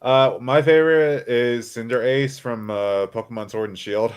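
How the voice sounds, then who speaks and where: A man's voice: medium pitch, steady tone, moderate pace, smooth. A man chatting as a guest on a casual stream, in a dry, teasing way.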